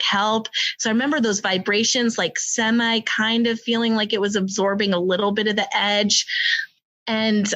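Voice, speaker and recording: A woman in her thirties with an American accent, telling her birth story in casual podcast chat, animated and laughing, full of fillers. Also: medium pitch. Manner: animated, many fillers, acts out quotes with laughter.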